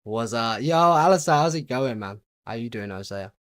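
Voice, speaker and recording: A young British man chatting casually with his viewers while playing a game on a livestream, relaxed and easygoing as he greets viewers and answers their questions. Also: medium pitch, normal speed, no room sound. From United Kingdom. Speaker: gaming livestreamer.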